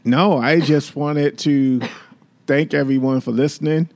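A gravelly, slightly creaky man in his fifties co-hosts a podcast with his wife. He talks in a loose, joking way and teases her between points, and he sounds relaxed and familiar. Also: fairly high pitch, a little slow. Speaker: podcast co-host. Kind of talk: casual chat.

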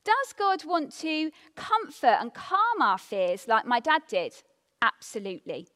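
A woman giving a devotional talk, reading scripture and telling a personal story with expressive emphasis. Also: high voice, measured pace, long reverb tail. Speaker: devotional speaker.

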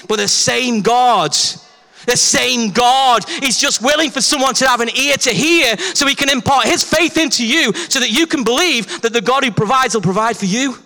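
A man preaching a sermon as a pastor, telling a story with animated acted-out dialogue. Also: extremely high pitch, moderate pace. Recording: long hall reverb.

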